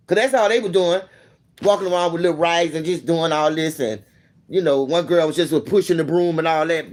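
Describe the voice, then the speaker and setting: A man hosting a vlog, casually telling a story to a friend in a profane, animated way and acting out what people said. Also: a little high, fast. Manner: animated, profane, acts out quoted dialogue. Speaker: vlog host.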